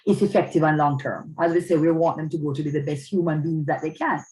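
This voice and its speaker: A woman's voice: deep voice, fast, warm tone, rough recording. A woman giving a talk on parenting in a church, earnest and often checking in with her listeners. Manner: earnest, checks in with "all right?". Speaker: speaker on parenting.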